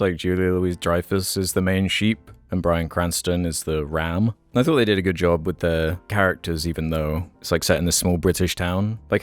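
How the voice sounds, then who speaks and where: A man's voice: deep voice, no room sound. A man giving a casual, opinionated film review with wry, candid asides.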